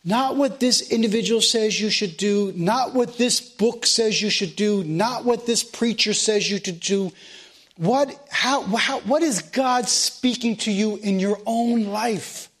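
A man's voice: high-pitched, slow pace, fairly bright tone. A man preaching a sermon, emphatic and repetitive, asking the congregation rhetorical questions.

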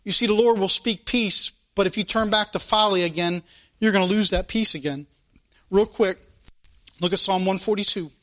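A man's voice: high-pitched, normal speed, fairly bright tone. A man preaching a sermon, reading scripture aloud and pressing his points with rising emphasis.

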